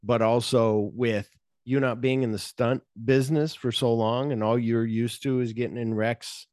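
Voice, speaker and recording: A man hosts a casual movie podcast, animatedly retelling scenes, swearing freely and acting out the characters' lines. His voice is medium in pitch at a moderate pace, in a dry, studio-quality recording.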